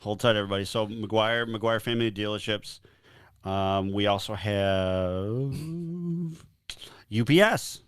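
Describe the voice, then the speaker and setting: A man on a radio show as a guest, talking in a casual, halting way with lots of fillers. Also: on the low side, steady tone, clear, resonant tone, no room sound, clean studio sound. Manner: halting, full of fillers while listing sponsors.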